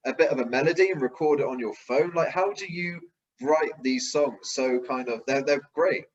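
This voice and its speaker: A man's voice: medium pitch, normal speed. A man hosting an interview, asking earnest and complimentary questions. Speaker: show host, interviewer. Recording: dull lo-fi sound.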